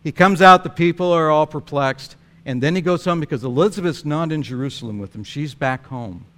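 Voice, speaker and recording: A male pastor delivering a sermon in an animated, storytelling manner, with frequent chuckles. His speaking voice sits somewhat high for a man. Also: fairly quick.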